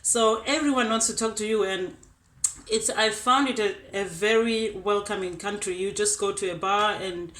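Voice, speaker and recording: A young woman with a South African accent talks through her student experience in a chatty, upbeat way. Her voice sits at an ordinary middle pitch. The sound rings a little, as if recorded in a roomy space. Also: normal speed, a bit bright. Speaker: exchange student. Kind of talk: casual testimonial. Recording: roomy echo.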